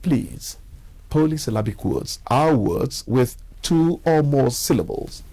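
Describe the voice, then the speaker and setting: Husky-voiced man explaining pronunciation. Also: medium pitch, expressive, dark tone. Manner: explanatory, demonstrates sounds with slowed deliberate examples. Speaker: English pronunciation teacher. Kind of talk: scripted educational narration.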